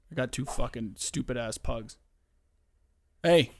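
A man's voice: mid-range voice, moderate pace, pauses often, a little hiss or hum. A man hosting a casual solo podcast, rambling with lots of fillers, restarts and swearing. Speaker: podcast host.

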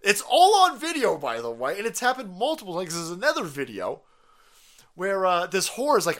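A man's voice: high-pitched, wildly swooping pitch, normal speed, a bit bright. A man hosting a stream, ranting crudely and mockingly about politics and laughing often. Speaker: podcast host. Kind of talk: profane comedic political rant.

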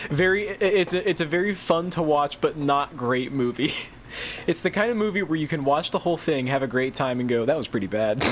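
Male podcast co-host, lively chatter, laughs often, noisy call audio. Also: fairly high pitch, moderate pace. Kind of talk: casual chat over video call. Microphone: video call.

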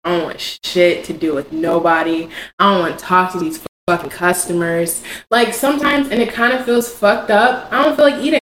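A young woman co-hosting a podcast in casual chat, frank and expressive, swearing freely. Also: fairly low pitch, moderate pace. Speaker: podcast co-host. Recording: echoey room, faint background noise.

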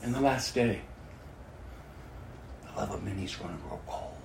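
A male pastor preaching a sermon in an animated way, laughing and acting out quotes in shifting voices. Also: fairly low pitch, normal speed, gravelly, reverberant, background noise.

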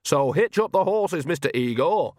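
A man's voice: medium pitch, sing-song, normal speed, no room sound, studio quality, pitched above the performer's own voice, natural voice. A man voicing a cheerful, cunning old witch woman who bosses people about in a folksy way. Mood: bossy cheerful.

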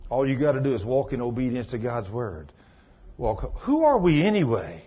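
A husky-voiced man preaching a sermon, his delivery climbing into loud, emphatic exhortation. The recording is dull and lo-fi, with the top end muffled. He talks at an everyday male pitch, plain and direct. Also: sing-song, moderate pace.

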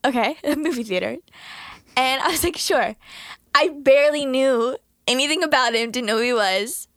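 A woman's voice: high voice, fairly quick, a bit bright, dry recording, studio quality. A young woman co-hosting a podcast, telling stories in casual chat and laughing through them. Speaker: podcast co-host.

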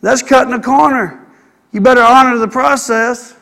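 A man preaching a sermon, animated and acting out the people he quotes. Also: very high-pitched, moderate pace, creaky, long reverb tail. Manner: animated, acts out quoted people, calls for amen.

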